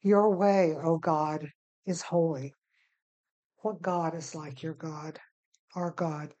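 A middle-aged woman leads a devotional Bible teaching, her voice low and warm. She takes her time, pausing gently with soft fillers, and reads scripture in a slow, deliberate way. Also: fairly even intonation, highs cut off. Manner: unhurried, gentle, with filler pauses.

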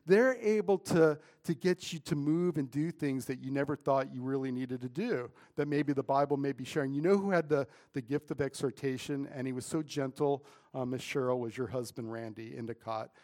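A man's voice: mid-range voice, normal speed, hardly any pauses, a little mellow. A middle-aged man preaching a sermon in a casual, conversational way, often saying "man" and "right?". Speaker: pastor.

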